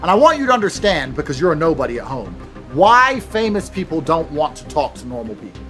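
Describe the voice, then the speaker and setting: Brief: brash man, high, lively voice, ranting and cursing, faint music behind. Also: a little fast. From England. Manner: blunt, swearing, acts out both sides of exchanges. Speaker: motivational speaker. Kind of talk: profane storytelling rant.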